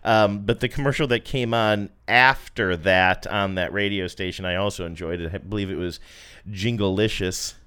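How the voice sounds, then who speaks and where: A man's voice: sits low, fairly even intonation, moderate pace, few pauses, pushed and bright, clean tone. A man hosting a casual podcast, joking around and quizzing his co-host. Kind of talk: casual chat.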